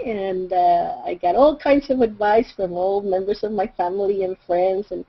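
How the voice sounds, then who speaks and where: Husky-voiced middle-aged Mexican woman storyteller. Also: medium pitch, normal speed, few pauses. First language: Spanish. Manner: reflective, with frequent fillers and soft laughs. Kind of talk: personal storytelling. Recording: slightly dull recording.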